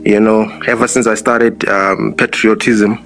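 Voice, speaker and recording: A man speaks earnestly on a live-stream panel, stalling often with fillers. His voice sits fairly low. Faint music plays behind him on the phone mic. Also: little pitch movement, unhurried, a bit bright. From South Africa. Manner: hesitant, many fillers, earnest.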